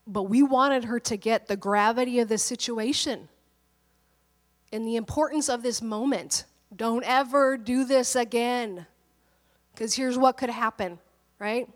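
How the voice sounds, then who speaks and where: A woman pastor in her thirties, slightly hoarse from a cold, telling a personal story in an animated, candid sermon. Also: fairly high pitch, measured pace, big-room sound.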